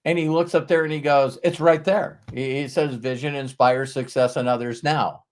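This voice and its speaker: A man's voice: mid-range voice, moderate pace, smooth. A middle-aged man hosting a podcast, telling a story in casual conversation and acting out the voices of the people in it. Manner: animated storyteller who acts out quoted voices and swears casually. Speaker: podcast host.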